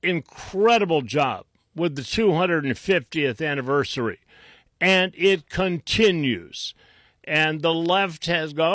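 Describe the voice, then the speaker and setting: A man's voice: on the high side, lively intonation, slow, fairly bright tone, dry recording, studio quality. A man hosting a talk radio show, mocking and combative in tone, with frequent restarts.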